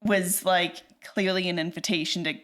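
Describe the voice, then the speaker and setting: A woman's voice: lowish voice, normal speed. A woman co-hosting a film podcast, ranting animatedly in casual chat, with lots of "like" and acted-out quotes. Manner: animated ranting, heavy use of "like", acts out quoted lines. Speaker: podcast co-host.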